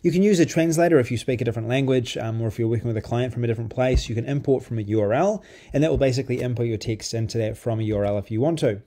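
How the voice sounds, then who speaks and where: Man, software walkthrough, mellow warm voice, casual, filler-heavy. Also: medium pitch, very fast, few pauses. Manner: loose and conversational, many ums and restarts. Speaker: software reviewer.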